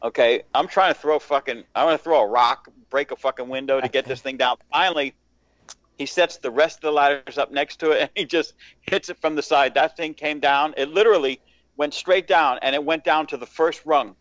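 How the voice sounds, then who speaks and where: A man's voice: on the high side, brisk, fairly bright tone, no echo. Profane storytelling man, dull dry sound. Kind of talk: casual storytelling.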